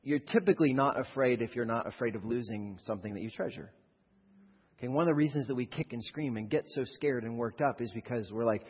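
A man preaching a sermon to a congregation, animated, swinging from loud acted-out fears to low, slow reflection. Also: husky. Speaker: pastor. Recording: dull, reverberant hall recording.

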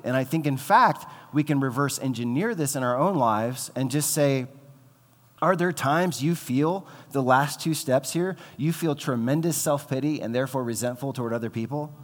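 Male pastor, chatty sermon delivery, mid-pitched voice, long reverb of a church sanctuary. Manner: conversational, filler-heavy, acts out quoted voices.

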